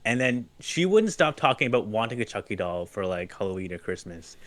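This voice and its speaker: A man as a podcast guest, telling childhood stories in casual chat, laughing often and acting out quotes loudly. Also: on the low side, big pitch swings, a little fast. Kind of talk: casual storytelling.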